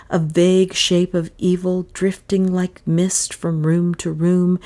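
Expressive woman narrating a mystery. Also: medium pitch. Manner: expressive, suspenseful storytelling. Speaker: audiobook narrator. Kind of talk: scripted narration.

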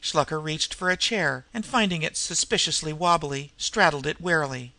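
A man narrating a story as an audiobook, in a steady, measured reading. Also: fairly high pitch, dry recording.

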